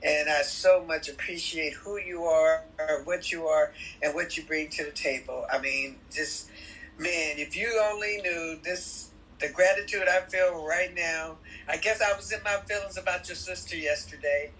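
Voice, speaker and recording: A woman's voice: deep voice, steady tone, normal speed, fairly bright tone. Effusive woman guest on a noisy line. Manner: heartfelt, effusive, rambling thanks. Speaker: caller brought on as a guest. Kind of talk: emotional live-stream call-in.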